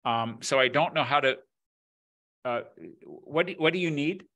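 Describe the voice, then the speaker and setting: A man's voice: fairly high pitch, measured pace, bright, forceful tone. Hesitant, polite man hosting a webinar. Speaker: webinar host. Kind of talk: casual chat. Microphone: video call.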